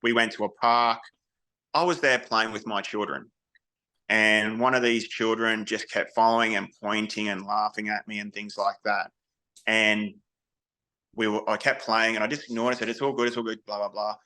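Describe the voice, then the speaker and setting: A man's voice: lowish voice, steady tone, moderate pace, sharp tone, low-quality recording. An Australian man, a veteran guest on an interview podcast, speaking candidly in casual storytelling with frequent restarts.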